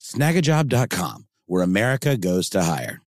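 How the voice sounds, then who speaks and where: A man's voice: fairly low pitch, huge pitch swings, moderate pace, gravelly, noisy background. A man reading an ad in an upbeat, salesy way. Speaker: ad reader. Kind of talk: ad read.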